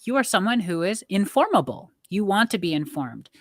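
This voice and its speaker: A woman's voice: medium pitch, big pitch swings, a little fast, dry recording, studio quality. A middle-aged woman speaking earnestly and openly as a podcast guest in a casual interview. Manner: earnest, open and reflective.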